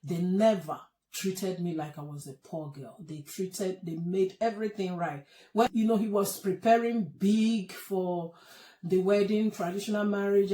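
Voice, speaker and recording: A middle-aged woman recounts a painful personal story in a halting, emotional way, her voice often sinking soft and low. She speaks in a fairly low register. The room around her rings with echo. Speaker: host telling her own story. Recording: echoey room.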